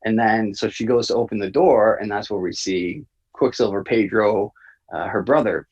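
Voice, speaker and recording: A man's voice: fairly low pitch, moderate pace, darkish tone, breathy edge, dull audio. A man co-hosting a casual podcast review chat, rambling with many fillers and restarts. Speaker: podcast co-host.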